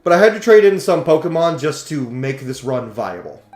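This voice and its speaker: Excitable man with a high voice. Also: normal speed. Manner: excitable, jokey, swears. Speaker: let's play host. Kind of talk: casual gameplay commentary. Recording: roomy echo, faint game music. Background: faint game music.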